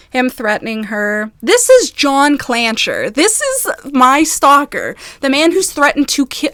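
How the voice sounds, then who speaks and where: A woman vlogger in a casual video, reading messages aloud in quick bursts and breaking off in agitated, halting asides. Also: mid-range voice, a bit bright, no echo, studio quality. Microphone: phone.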